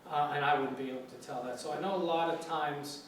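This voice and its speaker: A man from New York City giving an informal talk as a guest lecturer on English, relaxed and chatty with many fillers and restarts. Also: fairly high pitch, quick pace, far from the mic. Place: university lecture room. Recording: echoey room, from afar, faint hiss.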